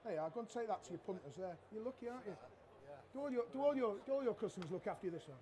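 A middle-aged man, a chef giving a live cooking demonstration on a trade show stage and joking loudly with the crowd and his helpers. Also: high voice, animated, very fast. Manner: cheeky, loud-mouthed joker. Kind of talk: live cooking demo with banter.

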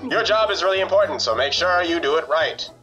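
Brief: old-timey newsreel announcer, formal and instructive, high and bright, put on by a man, dull lo-fi sound. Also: expressive, a little fast, faint music behind.

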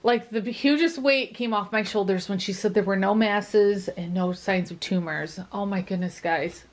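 A woman's voice: medium pitch, normal speed. A woman vlogging a casual update, emotional and relieved, tearing up and talking with many fillers.

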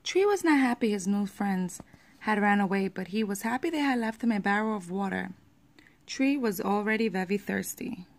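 A woman reading a children's picture book aloud at a steady pace, with the odd small slip. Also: mid-range voice, moderate pace.

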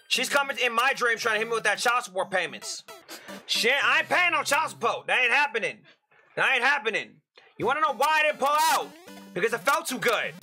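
A young man giving excitable gameplay commentary as a channel host, breaking into loud frustrated outbursts and crude jokes. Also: very high-pitched.

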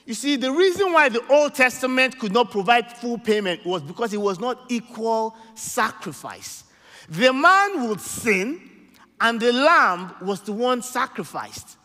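High, bright Nigerian preacher in a reverberant hall. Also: male voice. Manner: emphatic call-and-response preaching, frequent "amen?". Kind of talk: sermon.

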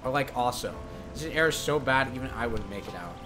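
A man streaming a game with friends, goofy and jokey with sudden loud outbursts. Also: medium pitch, animated, fast, music in the background. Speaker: streamer playing a game with voice actors. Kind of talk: casual let's-play banter.

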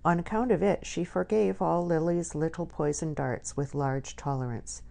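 A woman reading a novel aloud in measured, scripted narration. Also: sits low, steady tone, vocal fry, warm tone. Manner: measured storytelling. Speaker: audiobook narrator.

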